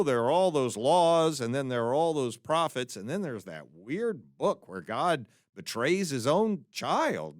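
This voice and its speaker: Male podcast teacher, high-pitched and lively, earnest scripture reading, close dry mic. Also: no echo. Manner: earnest and animated, quoting scripture with feeling, small restarts. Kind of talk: conversational Bible teaching.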